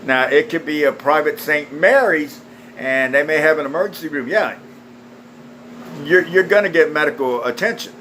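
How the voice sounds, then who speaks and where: A man's voice: a little high, normal speed, fairly bright tone, slight background noise, rough recording. A man delivering a blunt, foul-mouthed, scornful rant straight to camera. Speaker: video ranter. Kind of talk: angry profane rant.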